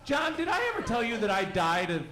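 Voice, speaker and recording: A man voicing a cocky male skeleton who died of diabetes, talking in a laid-back deadpan way. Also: sits high, fairly quick, roomy sound, noisy background.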